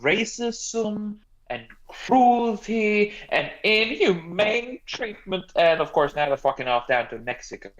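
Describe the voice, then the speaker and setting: A man's voice: high voice, lively intonation, slow pace, dull audio. A man from Norway, talking crude and sarcastic in casual political banter, rambling with restarts.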